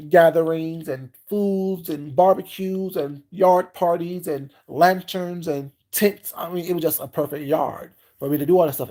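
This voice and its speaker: A man vlogging a casual rant, expressive and frank, often checking in with "you know what I'm saying.". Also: on the high side. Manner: animated and expressive, acting out both sides of scenes. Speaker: food and lifestyle vlogger.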